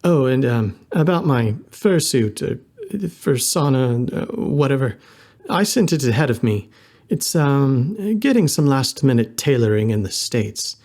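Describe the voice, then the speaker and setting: A man's voice: mid-range voice, lively intonation, unhurried, a little mellow, lightly acted. A man reading an audiobook, voicing a nervous goth engineer who talks politely and stumbles through ums and uhs. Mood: awkward. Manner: hesitant, polite, full of ums.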